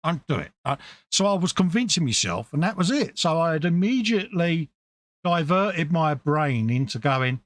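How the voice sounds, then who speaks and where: A British man chatting casually with a mate, his pitch rising and falling a lot as he tells stories. He slips into acted-out quotes and teasing banter. The sound is close and dry. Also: sing-song, moderate pace, no room sound. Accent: British English. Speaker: co-host. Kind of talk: casual late-night chat while painting.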